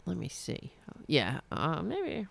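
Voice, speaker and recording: A woman's voice: low voice, huge pitch swings, slow, vocal fry. A woman hosting her own political commentary show, ranting angrily with sarcasm and plenty of swearing. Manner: profane, sarcastic and indignant. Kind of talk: angry political rant to camera.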